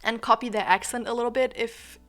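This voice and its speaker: A woman's voice: a little high, steady tone, brisk, fairly bright tone. A young woman whose first language is not English, chatting casually and rambling as a YouTuber, often breaking into giggles. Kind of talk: casual chat over gameplay.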